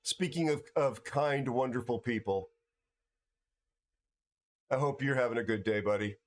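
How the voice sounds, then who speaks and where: Tired, halting man chatting. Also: medium pitch. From United States. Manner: halting, repeats words and restarts often. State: tired from no sleep. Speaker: livestream host. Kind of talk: casual chat with viewers.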